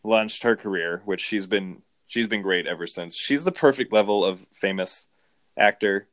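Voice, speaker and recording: A man casually discussing a movie, rambling and animated. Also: lowish voice, normal speed, no echo. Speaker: film podcast co-host.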